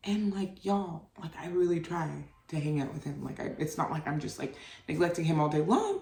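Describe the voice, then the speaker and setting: This podcast host, a young mother, speaks briskly in a fairly low, creaky, mellow voice. Alone on her show, she rambles candidly, leaning heavily on "like" and swearing casually, and the room is audible since she sits well back from the microphone.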